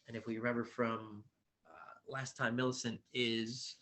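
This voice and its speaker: A man teacher reading a novel aloud to his class, relaxed and tired, with casual asides to the students. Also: mid-range voice, a little slow. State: tired, yawning.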